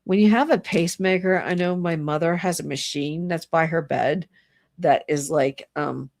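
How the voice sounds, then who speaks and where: A middle-aged woman with a deep, gravelly, slightly mellow voice talks at a moderate pace on a livestream from home, fire going close by. Her casual political rant is exasperated, broken up by frequent laughter and mocking impressions of people. The recording is dry and studio quality.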